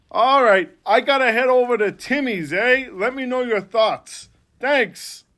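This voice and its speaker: A man's voice: very high voice, takes it slowly, sharp tone, slight background noise, heavily acted. A man voicing an exaggerated, folksy Canadian guy from Toronto in a put-on Canadian accent, leaving a rambling comic voicemail. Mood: jokey. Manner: folksy, rambling, drops "eh" constantly.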